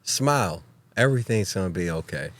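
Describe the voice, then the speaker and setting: A man's voice: sits low, lively intonation, fairly quick, a bit bright, no room sound. A man co-hosting a casual chat, laid-back, mostly giving short replies.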